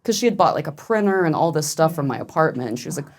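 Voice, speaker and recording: A young woman with a low voice talks on a casual podcast. She tells stories with energy and acts out the voices of the people she quotes. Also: animated, very fast, slight background noise. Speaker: guest artist.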